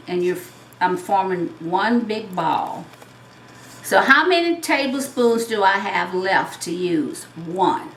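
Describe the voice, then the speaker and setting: A woman with a Southern US accent and a mid-range voice hosts a home cooking show in her kitchen, chatting through each step. The recording is very noisy and roomy, with the mic at a distance.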